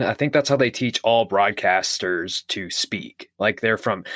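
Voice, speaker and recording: A man's voice: mid-range voice, fairly bright tone, husky, no echo, studio quality. Rambling, opinionated young man. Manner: opinionated, swears casually, rambling. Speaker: podcast co-host. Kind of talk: casual chat.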